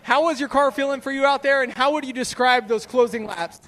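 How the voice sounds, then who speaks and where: A male pit reporter with a very high voice asks the winner questions down by the track. His tone is upbeat and direct, outdoors after the race. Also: steady tone, brisk, fairly bright tone.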